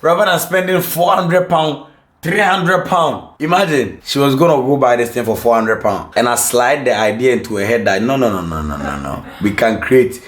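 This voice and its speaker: A man's voice: mid-range voice, moderate pace, a bit bright. Playful man in an echoey room. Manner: playful, teasing, joking. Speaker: vlogger. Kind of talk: casual home DIY vlog. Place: home room.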